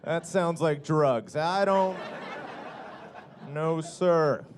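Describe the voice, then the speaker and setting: A man voicing an uptight male office worker who swoons over work, talking slow and drawn-out. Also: on the high side, background noise. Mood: swooning.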